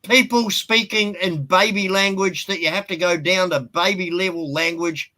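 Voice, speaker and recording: A man's voice: high voice, normal speed, bright, forceful tone, rough recording. An Australian man with an Australian accent, ranting bluntly and swearing freely in a casual live-stream chat.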